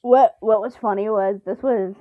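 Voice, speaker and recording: Woman, casual chat, animated, laughing, dry, slightly muffled. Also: mid-range voice, moderate pace, no room sound. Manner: animated, laughs often, playful voice imitations. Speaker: co-host. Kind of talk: casual chat reacting to a TV episode.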